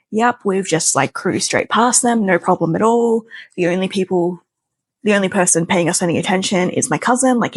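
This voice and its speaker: A woman's voice: no echo, close to an everyday voice. A woman voicing a panicking young man who swears and frets while driving. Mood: reporting. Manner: frantic, swearing, high-strung.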